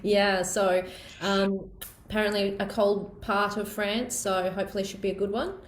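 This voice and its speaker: A woman, co-hosting a casual podcast chat, easygoing and quick to laugh. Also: medium pitch, fairly even intonation, roomy sound, slight background noise, low-quality recording.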